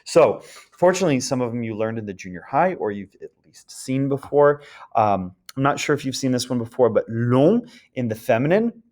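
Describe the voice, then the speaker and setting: A man talks his students through a grammar topic in a recorded lesson, at an easy, unhurried pace. His delivery is relaxed and casual, dotted with ums, and he pauses now and then to check that they follow. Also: mid-range voice. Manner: relaxed, frequent ums, chants the word list rhythmically. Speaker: French teacher.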